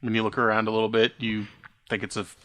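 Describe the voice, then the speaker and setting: A man hosting and running a tabletop game podcast, relaxed as he wraps up the session. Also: fairly low pitch, fast. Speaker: game master and host. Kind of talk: casual podcast sign-off.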